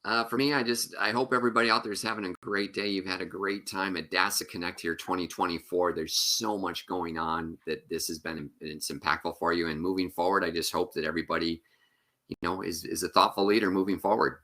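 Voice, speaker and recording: A man speaking as a keynote speaker and author, giving a conference talk and telling stories in quick, animated bursts. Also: sits low. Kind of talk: conference talk over video.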